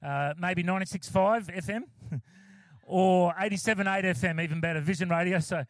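A man's voice: sits high, a little fast, no echo. A man, a pastor giving a casual, joking sermon with many fillers and restarts, close to the mic.

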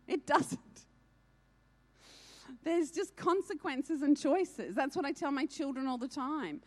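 A woman delivering a sermon in a fairly high voice. She presses her points with urgency and repeats key lines to drive them home. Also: takes it slowly. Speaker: preacher.

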